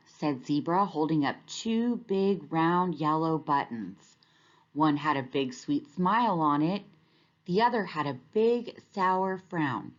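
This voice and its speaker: Female teacher narrating a picture book, unhurried and animated, muffled sound. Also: low-pitched. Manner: expressive, clear storytelling. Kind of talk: children's storybook read-aloud.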